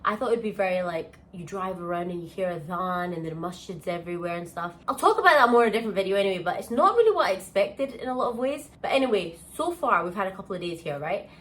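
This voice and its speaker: A young woman from the UK, telling a holiday story in a casual vlog, animated and exclamatory with plenty of slang. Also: mid-range voice, fast talker, few pauses, rough recording. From United Kingdom. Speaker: vlogger. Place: holiday villa.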